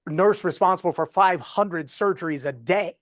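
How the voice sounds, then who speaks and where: A man's voice: sits high, normal speed, no room sound. Folksy man coaching storytelling, dry sound. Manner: folksy, animated storyteller acting out quotes. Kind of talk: live webinar teaching.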